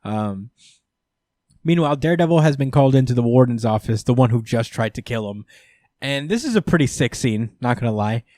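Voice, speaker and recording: A man hosting a podcast, casually recapping a comic book in an excited, profane, laughing way. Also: medium pitch, a little fast, dry recording, clean studio sound. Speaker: podcast host.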